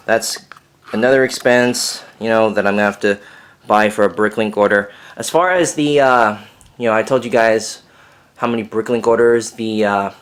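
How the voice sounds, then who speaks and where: A young man with a somewhat low voice talks casually and at length in his bedroom. His delivery rambles, full of "uh" and "you know" as he loops back on himself. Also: fairly bright tone. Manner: rambling, chatty, many fillers. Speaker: Lego builder vlogger. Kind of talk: casual video update. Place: bedroom at home.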